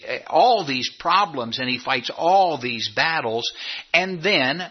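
A man's voice: medium pitch, husky. A man preaching a sermon in church, telling the story with animation and stumbling over repeated words. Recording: dull lo-fi recording.

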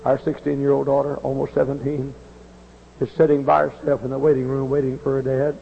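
Gravelly preacher man in an echoey hall. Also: medium pitch, completely flat delivery, fairly quick, a little hiss or hum. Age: 40s. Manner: folksy storytelling that rises into loud impassioned preaching. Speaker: pastor. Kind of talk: sermon. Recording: dull old recording in a large reverberant hall.

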